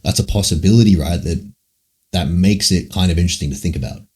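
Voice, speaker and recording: A man's voice: low-pitched, quick pace, mellow, husky. A man streaming live and answering chat questions in a rambling, musing way, swearing often. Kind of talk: casual livestream Q&A.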